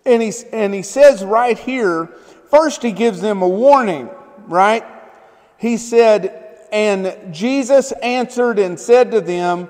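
Guy pastor giving a sermon, kinda high voice, super chatty, long echo off the church walls. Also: slow, darkish tone. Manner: conversational, keeps asking the congregation "right?" and "amen?". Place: church sanctuary. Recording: long church hall reverb.

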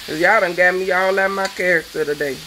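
A woman's voice: on the low side, fairly even intonation, fairly quick, pushed and bright, a little hiss or hum, low-quality recording. A woman, a cooking show host, delivering a fervent, preachy rant that scolds her viewers. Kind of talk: impassioned vlog rant.

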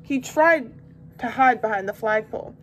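A woman volunteer reading a children's picture book aloud with expressive, lively storytelling. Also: fairly high pitch, moderate pace, a little hiss or hum. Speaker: volunteer reader.

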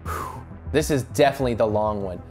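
A man's voice: on the low side, fairly quick, faint music behind. A man co-hosting a let's play, giving casual gaming commentary and yelping and swearing at the game. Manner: excitable, yelps and swears at the game.

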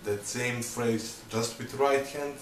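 A man teaching drum sticking patterns, counting beats aloud in loose, halting phrasing. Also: medium pitch, heavy background noise. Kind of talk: instructional demonstration. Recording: echoey room, mic at a distance, loud clatter.

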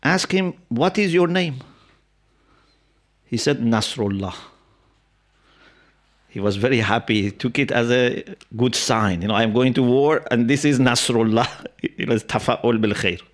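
A man with as his delivers a religious lecture in English at a middle pitch. He explains verses he quotes in Arabic and tells a story to make his point. He talks to his listeners directly, often asking "yeah?" and adding "you know". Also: moderate pace. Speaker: Islamic scholar and lecturer. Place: mosque hall with a live audience.

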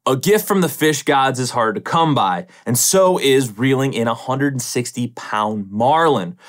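A man's voice: mid-range voice, lively intonation, measured pace. Man reading a podcast intro. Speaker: podcast host. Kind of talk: scripted intro narration.

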